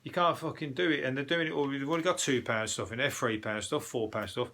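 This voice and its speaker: A comedian delivering a casual, rambling monologue reviewing the day's news, full of swearing and jokey asides. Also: male voice, mid-range voice, quick pace, bright, forceful tone, a little hiss or hum.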